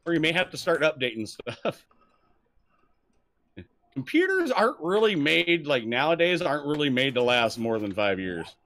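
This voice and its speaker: On a live stream, a young man with a fairly high voice talks at a normal speed. He's casual and profane, spinning animated stories and laughing often.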